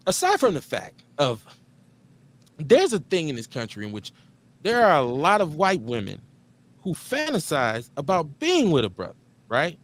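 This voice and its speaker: Male host, lively swooping delivery, slightly high voice, loose profane banter. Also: unhurried. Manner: animated, joking, streetwise and profane. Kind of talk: casual talk-show banter.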